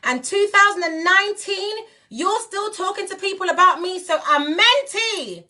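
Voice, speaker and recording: A woman's voice: very high voice, animated, moderate pace, bright, forceful tone. A woman in her forties from England, with a British accent that slips into Jamaican patois, delivering an impassioned, defiant rant on a livestream with emphatic repetition. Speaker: singer speaking on a livestream. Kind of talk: impassioned live video rant.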